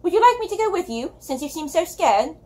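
A woman voicing a dashing young man who speaks in a smooth, pitying way with an attempted British accent. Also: extremely high pitch, very animated, brisk, a little mellow, voice pushed up. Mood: gallant. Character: dashing, courtly young man, kindly condescending.

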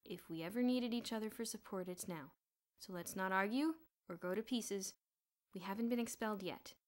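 A woman voicing a bold, quick-thinking schoolboy leader in an audiobook, urgent and commanding. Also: sits high, sing-song, fairly bright tone, pitched above the performer's own voice. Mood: steady. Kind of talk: audiobook character voice.

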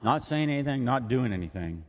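A man's voice: medium pitch, lively intonation, fairly quick. A man preaching a sermon in a church, speaking conversationally and asking rhetorical questions. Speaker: pastor. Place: church sanctuary. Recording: long reverb of a church hall.

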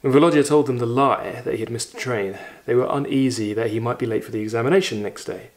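A man's voice: medium pitch, quick pace. Man reading a story aloud expressively. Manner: expressive reading, raises voice for quoted lines, reflective asides. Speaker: literature teacher reading aloud.

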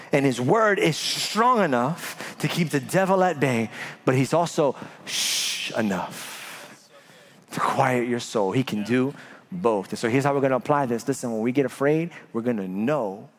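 A man preaching a sermon as pastor, telling stories with big swings from loud to hushed. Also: medium pitch. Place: church.

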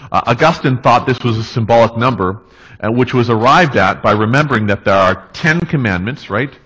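Male pastor, husky voice, mid pitch, chatty sermon in a church. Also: fairly bright tone, poor audio. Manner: conversational, tag questions, restarts.

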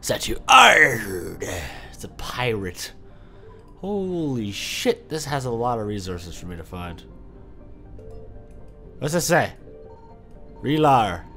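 Young-sounding male gamer for loose let's play narration, profane and rambling, very animated delivery. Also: lowish voice, unhurried, pauses often, soft background music. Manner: rambling and profane, often swears; thinks aloud while playing. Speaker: gamer playing a video game.

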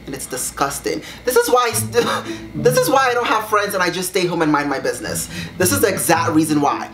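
A sassy young man vlogging in an echoey room, his voice leaping wildly from low to high with dramatic flair. Music plays clearly behind him as he reacts with biting, theatrical commentary. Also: sing-song, a little fast. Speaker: YouTuber reading viewer secrets. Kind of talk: casual vlog reaction.

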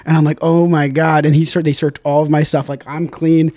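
A young man from Indiana telling a story on a podcast in casual, animated style, acting out his friends in loud high voices and swearing freely. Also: quick pace, no echo. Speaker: podcast guest.

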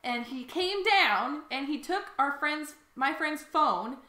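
A woman's voice: high-pitched, animated, slow pace, sharp tone, reverberant. A woman co-hosting a podcast, chatting casually and laughing often as she tells stories. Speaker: podcast co-host. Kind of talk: casual chat.

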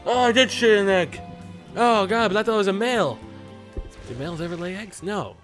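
Excitable young man narrating gameplay. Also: high-pitched, brisk, soft background music. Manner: excitable, jokey, reads game prompts aloud and talks to his creature. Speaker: gaming YouTuber. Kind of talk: let's play commentary.

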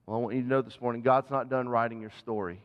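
A man's voice: medium pitch, steady tone, fast, clean tone, in a large hall, lo-fi sound. A man, a senior pastor, preaching a sermon in an earnest, conversational way and asking the congregation direct questions. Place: church sanctuary.

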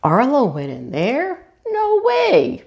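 A woman voicing a rowdy, boastful young male dinosaur in a storybook reading, loud and whooping. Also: sits high, huge pitch swings, slow, creaky, highs cut off, pitched above the performer's own voice, heavily acted.

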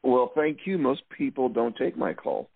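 A man's voice: medium pitch, moderate pace, creaky. A man calling in as a guest on a radio interview, joking with dry humor. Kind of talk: casual interview. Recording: hissy phone line.

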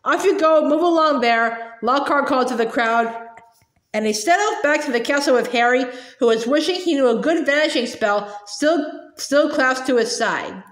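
A woman's voice: sits high, normal speed. A woman reading a novel aloud in an unpolished way, with slips and restarts. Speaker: reader. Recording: roomy echo.

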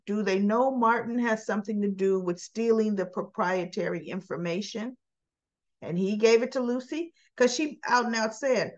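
A woman's voice: mid-range voice, moderate pace. Woman, casual soap recap, acts out lines, slightly muffled lo-fi audio. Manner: animated retelling, acts out dialogue in quotes. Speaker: soap opera reviewer.

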